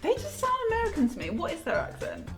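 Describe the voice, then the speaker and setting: A woman's voice: sits high, wildly swooping pitch, fast, echoey room, over music. A woman co-hosting a casual youth-group video, giggly and easily shocked. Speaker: co-host. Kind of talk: casual chat.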